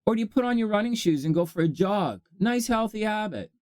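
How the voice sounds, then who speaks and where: A man hosting a rambling self-help monologue, jokey and animated, often laughing and answering his own questions. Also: high-pitched, a little fast, no echo. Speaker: self-help video host.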